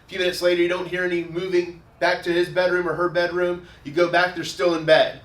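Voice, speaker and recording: Heard from afar through a distant mic in an echoey church sanctuary, this pastor speaks quickly in a high, somewhat bright voice with little pitch movement. His sermon is conversational, built on everyday examples, with "again" coming up repeatedly.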